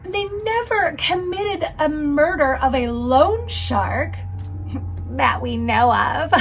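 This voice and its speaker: Gossipy neighbor lady, played by a woman: high voice, slow wry drawl, mock crime-show interview. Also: lively intonation, full character voice.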